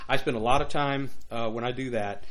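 A man's voice: medium pitch, steady tone, fairly quick, fairly bright tone. An older man from Louisiana with a Cajun accent, talking through an interview as a guest author, rambling with many restarts. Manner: rambling, many restarts, playful put-on voices. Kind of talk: casual interview chat.

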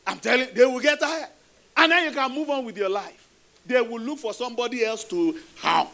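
A man's voice: sits high, fairly bright tone. A middle-aged male pastor delivering a sermon, repeating key phrases for emphasis and putting rhetorical questions to his congregation.

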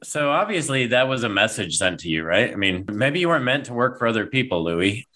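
A male interviewer speaks with a bright, forceful voice. He keeps a casual conversation going with probing follow-up questions. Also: medium pitch, sing-song, fairly quick.

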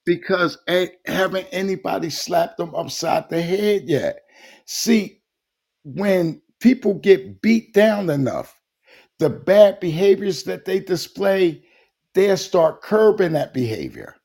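A man's voice: high-pitched, lively intonation, slow pace, creaky, a little mellow. A man co-hosting a casual talk show, speaking bluntly in a folksy, colloquial way. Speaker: co-host.

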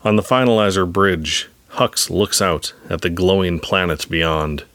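A man narrating a script read-aloud in a brisk, even manner, with touches of dry humor. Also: deep voice, no echo.

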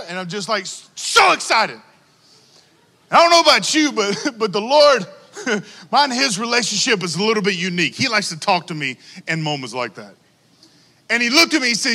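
A man preaching a sermon to a congregation, animated and calling out for responses from the crowd. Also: extremely high pitch, normal speed, long reverb tail. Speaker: pastor.

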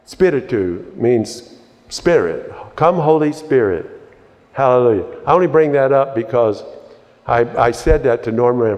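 A man's voice: medium pitch, animated, unhurried, darkish tone, in a large hall. A man preaching a fervent sermon, repeating his phrases and breaking into hallelujahs.

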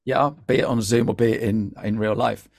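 Animated man guest, dry close sound. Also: fairly low pitch, a little fast, vocal fry, no room sound. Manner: animated, lively, stumbling restarts. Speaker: podcast guest, LinkedIn trainer. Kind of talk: casual conversational interview.

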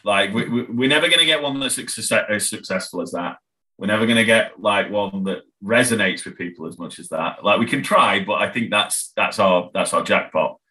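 A man's voice: fairly low pitch, a little fast, pushed and bright, low-quality recording. A man chatting as a podcast guest, rambling and self-interrupting, laughing often. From England. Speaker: podcast guest, band member. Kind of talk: casual chat.

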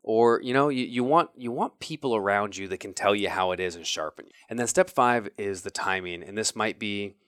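A man's voice: fairly low pitch, a little fast, hardly any pauses, a bit bright, no echo. A man hosting a podcast who talks in an earnest, coaching way, speaking straight to his listeners. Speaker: podcast host. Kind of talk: motivational podcast talk.

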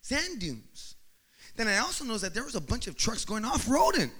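Guy with a bright voice telling a funny story to a crowd, acting it all out, swings wildly up and down. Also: extremely high pitch, moderate pace, husky. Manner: animated, acts out scenes, rising to shouts. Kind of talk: humorous personal storytelling.

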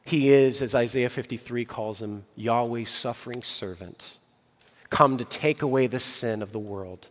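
A man preaching a sermon earnestly, building emphasis and slowing on key phrases. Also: mid-range voice, in a large hall. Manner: earnest preaching with rising emphasis and slow pauses. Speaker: pastor.

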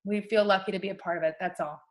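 A woman co-hosting a podcast in casual chat, talkative and quick to laugh, swearing offhandedly. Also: medium pitch, fairly even intonation. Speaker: podcast co-host.

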